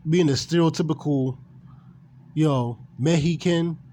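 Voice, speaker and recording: Animated ranting man, fairly high voice. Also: a little slow, slight background noise. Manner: animated, ranting, swears, repeats himself. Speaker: gaming and wrestling commentator. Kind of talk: casual opinion rant.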